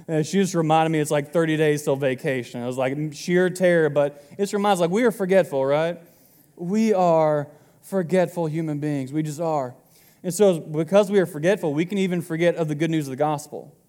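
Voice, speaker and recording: Young pastor preaching in a reverberant hall. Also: male voice, a little high, mellow, smooth. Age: 20s. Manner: casual, joking preacher talking to the congregation. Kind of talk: sermon.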